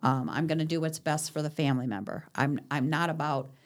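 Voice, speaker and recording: A woman's voice: deep voice, brisk. A woman, a guest on a talk show about senior services, explaining things patiently with examples and often saying yes. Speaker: guest from senior living community. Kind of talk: casual interview chat.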